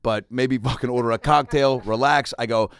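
A man chatting casually as a podcast host, telling animated stories and acting out the people in them. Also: mid-range voice, moderate pace, clear, resonant tone. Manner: animated storyteller, acts out people. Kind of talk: casual storytelling chat.

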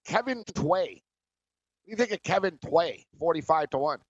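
A man's voice: a little high, animated, normal speed, slight background noise. A man co-hosting a casual sports betting show, asking short questions and reading out odds. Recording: dry, dull lo-fi sound.

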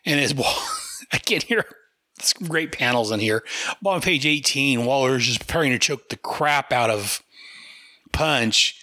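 A chatty man talks his way through a comic book, laughing as he goes. His voice is bright and forward, recorded close in a dry room. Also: medium pitch, a little slow, no echo. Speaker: comic book podcast host. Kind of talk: comic book review chat.

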